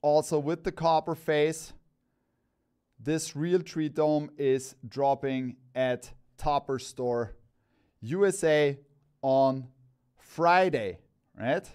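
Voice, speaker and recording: An excitable man hosts a live stream showing off products, his voice pitched a little higher than most men's. He rambles with enthusiasm, piling up praise and repeating himself as he goes from one item to the next. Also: slow pace, long pauses, smooth. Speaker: cap store host.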